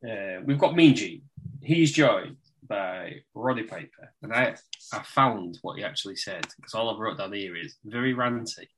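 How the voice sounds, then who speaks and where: A man's voice: fairly low pitch, animated, moderate pace, a bit bright, a little hiss or hum. A man co-hosting a casual wrestling podcast chat, rambling and laughing often. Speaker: podcast co-host.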